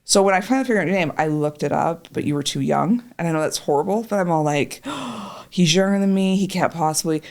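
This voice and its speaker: A woman's voice: low voice, fast, hardly any pauses. A woman telling a long story in casual chat, swearing freely and acting out what people said. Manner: profane, animated, acts out voices in quotes. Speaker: podcast guest, patient.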